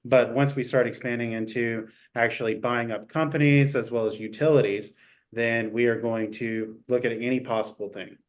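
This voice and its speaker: A man co-hosts a casual livestream Q&A. He answers questions in a measured, explanatory way, often opening with "so ultimately." His voice is fairly low. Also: steady tone.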